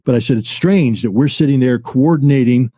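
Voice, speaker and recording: A former weapons inspector in his sixties tells his story as a guest, his voice deep-toned, dark and husky. He talks bluntly and acts out the back-and-forth of past conversations. The sound is dry and close, with no room echo. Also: a little fast. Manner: blunt, acts out quoted dialogue. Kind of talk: storytelling in an interview.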